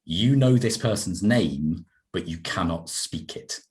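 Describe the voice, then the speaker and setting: A man, working as a game master and narrating a tabletop role-play game in a measured, descriptive way. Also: low voice, expressive, a little mellow.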